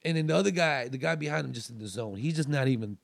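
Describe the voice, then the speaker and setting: A man's voice: mid-range voice, fast talker, vocal fry, no room sound. A man telling a long story in casual chat, rambling with fillers and restarts.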